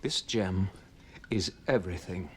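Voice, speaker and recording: A man's voice: deep voice, measured pace, breathy edge. An actor playing a cocky male vampire, in a sardonic, drawling TV drama delivery. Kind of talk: TV drama clip.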